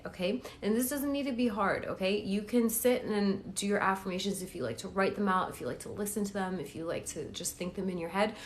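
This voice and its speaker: A woman's voice: medium pitch, a little fast, hardly any pauses, a little hiss or hum. A woman coaching viewers on a casual live stream, chatty and encouraging, checking in with "okay?" and "right?" as she goes. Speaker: manifestation coach.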